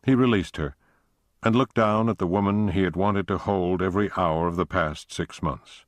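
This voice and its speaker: A man reading a thriller audiobook aloud in a measured, steady narration. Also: low-pitched, no room sound, studio quality. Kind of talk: scripted narration.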